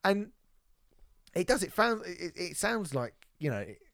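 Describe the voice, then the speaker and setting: A man co-hosting a casual music podcast, talking in animated, sweary bursts with many restarts. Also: high voice, measured pace, creaky, dry recording, studio quality. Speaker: podcast co-host. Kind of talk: casual music review chat.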